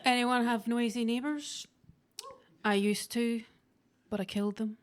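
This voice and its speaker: A woman's voice: a little high, steady tone, unhurried, slight background noise. Dry woman doing stand-up. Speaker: stand-up comedian. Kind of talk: stand-up comedy. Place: comedy club basement stage.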